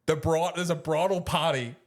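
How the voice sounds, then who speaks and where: A man's voice: a little high, moderate pace. A man co-hosting a podcast, telling a rowdy night-out story, laughing often, swearing freely and acting out what others said. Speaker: podcast co-host. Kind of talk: casual storytelling chat.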